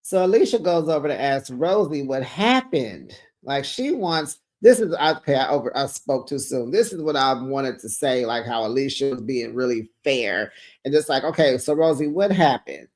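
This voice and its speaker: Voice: medium pitch, lively intonation, normal speed. Sassy gossiping reality-TV recap host. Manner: sassy, gossipy, exclaims and laughs while retelling. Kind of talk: casual reality-TV recap commentary.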